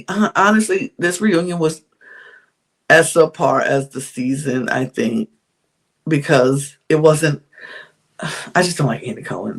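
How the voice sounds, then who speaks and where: A woman hosting a podcast, giving a candid, chatty recap of a reality show, with frequent sighs and laughs. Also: deep voice. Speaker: podcast host.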